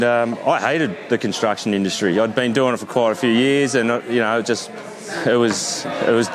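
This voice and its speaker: A middle-aged man with an Australian accent, the founder of a tour company, telling a story in a relaxed, casual way, with loose swearing and lots of fillers. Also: medium pitch. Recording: busy crowd noise behind.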